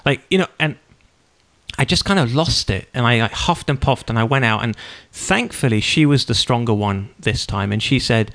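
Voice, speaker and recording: A man in his thirties hosting a podcast, telling a personal story in a casual, animated way and acting out the quotes. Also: medium pitch, moderate pace, gravelly. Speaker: podcast host.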